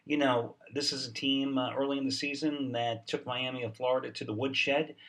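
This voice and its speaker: A man's voice: medium pitch, steady tone, normal speed, a bit bright, far from the mic. A man giving a sports betting video report, salesy and sarcastic, with a lot of "uh" fillers, short on sleep.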